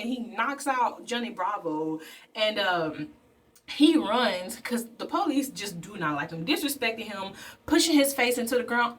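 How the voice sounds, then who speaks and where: A bubbly, animated woman recaps a film in a casual vlog while doing face paint, her voice sitting a bit high. She slips into playful voices for the characters. She sounds a little distant from the mic. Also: measured pace, a little hiss or hum. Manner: animated, chatty, acts out characters in funny voices. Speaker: beauty and movie review vlogger.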